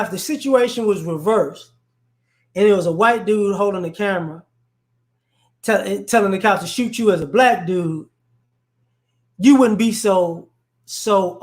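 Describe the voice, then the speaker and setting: A man hosting a live stream, giving blunt, confrontational social commentary off the cuff, rambling and repeating words as he builds each point. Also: sits high. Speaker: livestream host. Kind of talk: unscripted social commentary rant. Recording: roomy echo.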